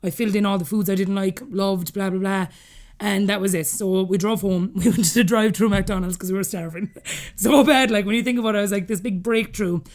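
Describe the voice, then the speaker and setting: A woman's voice: mid-range voice, steady tone, fairly quick, darkish tone. An Irish woman in her thirties with a Cork accent, a podcast guest chatting through personal stories, laughing often as she talks. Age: 30s. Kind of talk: casual storytelling interview.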